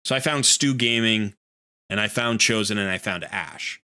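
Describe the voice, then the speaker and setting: A man's voice: fairly low pitch, normal speed, pushed and bright, clean tone, no echo, clean studio sound. A man hosting a live game stream, chatting casually and rambling with lots of fillers. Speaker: streamer host.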